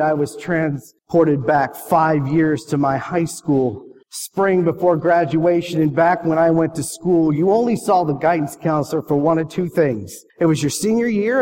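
A man's voice: fairly high pitch, a little mellow, a little hiss or hum. A man preaching a sermon, telling a personal story and asking the congregation earnest questions. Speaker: pastor. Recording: long reverb of a hall.

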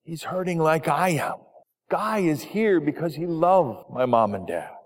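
A man voicing a kindly, forgiving grown farmer who talks in an earnest, gently pleading way, heard with a long hall reverb. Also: fairly high pitch, lively intonation, unhurried.

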